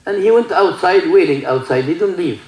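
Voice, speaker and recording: A man with an Egyptian Arabic accent, a native Arabic speaker, preaching a sermon and telling stories in halting English full of restarts. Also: high-pitched, lively intonation, roomy sound, rough recording. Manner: broken English, many restarts, mixes in Arabic. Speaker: sheikh giving a talk. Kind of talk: sermon with storytelling.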